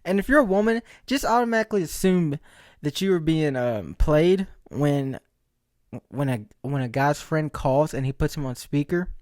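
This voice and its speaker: A man's voice: on the high side, animated, moderate pace, darkish tone, no room sound. A man hosts his own podcast alone, talking in a slightly raised voice. He rambles through stories, jokes and laughs often, and keeps asking his listeners rhetorical questions. The recording is close and dry. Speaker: podcast host. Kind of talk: casual solo storytelling.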